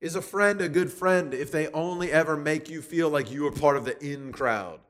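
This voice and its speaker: A man giving a conversational sermon, lively and chatty, often restarting with repeated words. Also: on the high side, moderate pace. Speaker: youth speaker teaching from Proverbs.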